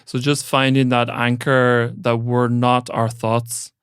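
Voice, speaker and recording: A man in a mid-range voice speaks as a podcast guest in a thoughtful, grounded way, swearing casually. His voice is smooth and clear. The sound is dry and close. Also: medium pitch, little pitch movement, slow pace, fairly bright tone, dry recording. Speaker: mentor and coach, podcast guest. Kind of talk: reflective conversational talk.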